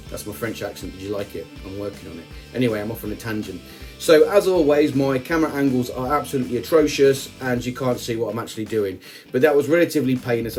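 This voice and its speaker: A man with a fairly low voice narrates over his own footage in an easygoing, jokey way that keeps drifting into asides. Soft music sits faintly underneath him. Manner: chatty and joking, with frequent asides. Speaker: ant-keeping channel host.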